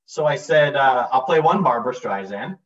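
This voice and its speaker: A man's voice: medium pitch, lively intonation, normal speed. Casting: male host from New Jersey, hesitant and laughing, mid voice, muffled far-off mic. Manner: laughs easily, hesitant with ums. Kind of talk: casual chat. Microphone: video call. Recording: distant, dull video-call audio.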